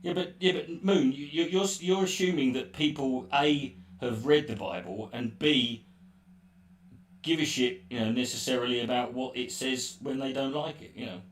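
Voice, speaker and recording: A man's voice: medium pitch, normal speed. A man ranting sarcastically and swearing freely while answering a live stream chat. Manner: profane, sarcastic, rambling. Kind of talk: casual live-stream rant. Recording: roomy echo, distant mic, faint noise.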